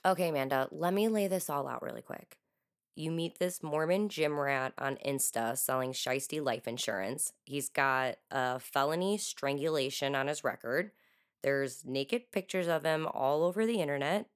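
Low-voiced woman cohost, blunt, rattles off a recap. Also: moderate pace, clean tone. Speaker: podcast co-host. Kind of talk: casual podcast chat.

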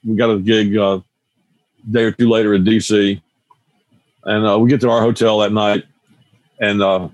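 A man's voice: fairly low pitch, little pitch movement, moderate pace, pauses often, no room sound. Rambling older man telling stories. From New Jersey. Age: 70s. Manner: rambling, loose, with many restarts and asides. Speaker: musician guest. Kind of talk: casual storytelling.

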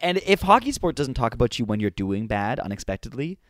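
A man's voice: medium pitch, sing-song, brisk, no echo, studio quality. A man from Canada co-hosting a comedic sports podcast, bantering playfully. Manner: playful, bantering, swooping delivery. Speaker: podcast co-host.

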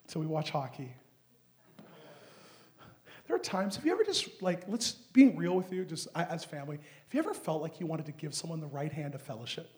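A man from Canada preaching and telling a story in an animated way, often laughing and shouting. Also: on the high side, moderate pace, pauses often. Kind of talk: sermon storytelling.

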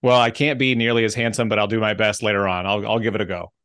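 Man, Southern US accent, low pitch, dry recording, friendly joking storyteller. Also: level tone, fast talker, fairly bright tone, smooth, no echo. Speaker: podcast guest, motivational speaker. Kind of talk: casual interview conversation.

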